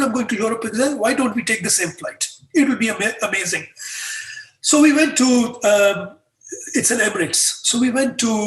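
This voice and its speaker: A man, a guest in an interview, telling a story and acting out the dialogue. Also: high-pitched. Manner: animated, acts out dialogue with voices. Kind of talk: storytelling in conversation. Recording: echoey room, far from mic.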